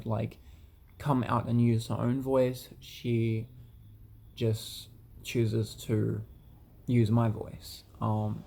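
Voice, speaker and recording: Gravelly, flat-voiced man vlogging hesitantly. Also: medium pitch, a little hiss or hum. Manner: hesitant, many ums and repeated words. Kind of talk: casual vlog monologue.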